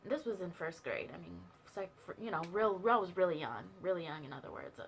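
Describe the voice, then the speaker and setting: A woman's voice: on the low side, animated, brisk, vocal fry, a little hiss or hum. A young woman telling a personal story in a chatty, casual way, full of fillers and asides. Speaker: vlogger sharing a testimony.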